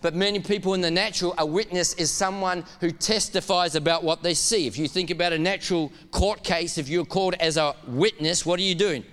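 A man preaching a sermon in a church, animated and laughing as he urges the congregation to call back to him. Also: sits high, in a large hall. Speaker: pastor.

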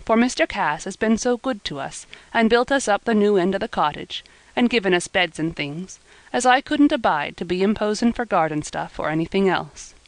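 A woman reading the part of a mild, loving elderly male weaver, speaking gravely and tenderly. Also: mid-range voice, lively intonation, moderate pace, no echo, lightly acted.

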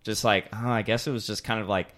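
A man's voice: fairly low pitch, steady tone, fast talker, fairly bright tone. A man co-hosting a podcast, rambling in a casual chat full of "like" and "you know". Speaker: podcast co-host.

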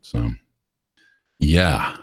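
Middle-aged American man, extremely low voice, candid chatty storytelling, podcast guest. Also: very slow. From United States. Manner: candid, chatty, acts out quoted dialogue. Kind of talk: casual interview storytelling.

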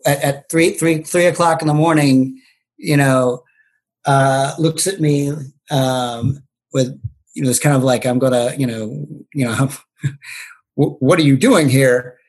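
A man's voice: mid-range voice, steady tone, slow pace. A man being interviewed on a podcast, a bartender and local candidate telling stories casually, with frequent ums and restarts. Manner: hesitant, many ums and restarts.

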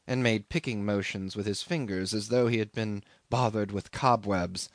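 A man reading a classic novel aloud as a measured, expressive narrator. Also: lowish voice, dry recording, clean studio sound. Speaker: audiobook reader. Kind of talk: scripted narration.

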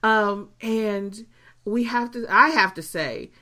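A woman's voice: medium pitch, takes it slowly, crowd noise. A woman co-hosting a podcast in casual chat, giggling often and rambling with many ums. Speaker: podcast co-host.

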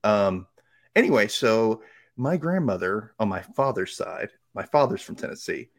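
A man's voice: on the low side, big pitch swings, moderate pace. A man from Mississippi with a light Southern accent and theater-trained diction, rambling through stories with lots of fillers as a podcast guest. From Mississippi, USA. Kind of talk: casual chat.

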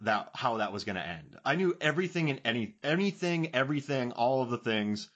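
A man from Florida co-hosting a podcast, talking through a film in a rambling, self-correcting, animated way. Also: medium pitch, brisk, dull audio. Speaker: podcast co-host. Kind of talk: casual film discussion.

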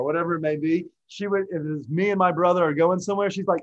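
A man's voice: high-pitched, fairly even intonation, fast talker, few pauses. A man hosting a casual interview, loose and a little profane. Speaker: host. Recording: dull lo-fi sound.

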